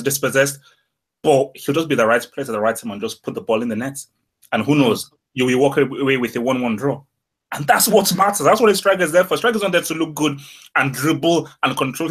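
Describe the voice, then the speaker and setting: A man with a husky, mid-range voice co-hosts a casual football podcast. He argues his points emphatically and often repeats words when starting a sentence.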